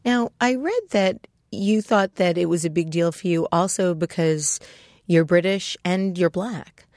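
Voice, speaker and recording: A woman hosting an interview, asking probing, measured questions. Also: lowish voice, darkish tone, no echo, studio quality. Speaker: interview host.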